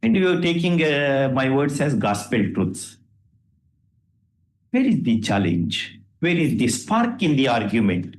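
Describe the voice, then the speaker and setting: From the bench, a man with an Indian English accent scolds and lectures counsel using rhetorical questions, his medium-pitched voice swinging widely at a measured pace. The roomy acoustics of the courtroom are audible.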